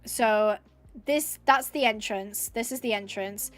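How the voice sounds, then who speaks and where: A woman's voice: medium pitch, takes it slowly, soft background music. A young woman streaming a building game, thinking aloud in casual chat and gushing with thanks, teary and a bit snotty. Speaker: Minecraft streamer. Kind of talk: casual live-stream chat while gaming.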